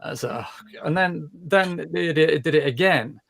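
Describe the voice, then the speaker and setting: A man's voice: a little high, unhurried, gravelly, a bit bright, no room sound. A man hosting a casual livestream chat, rambling and self-deprecating. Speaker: livestream host.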